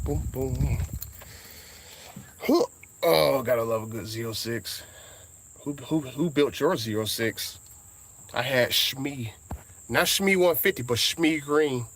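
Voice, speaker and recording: A man's voice: expressive, a bit bright. Laid-back Southern man rambling. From Southern United States. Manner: laid-back, drawn-out talk with sudden high exclamations. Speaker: car vlogger. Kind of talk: casual rambling monologue.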